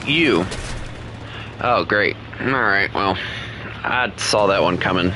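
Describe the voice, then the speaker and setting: A young man with a Southern American accent streams a game live, chatting casually and teasing his viewers with jokes and quick restarts. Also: on the low side, background noise. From United States. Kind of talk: casual live-stream chat while playing.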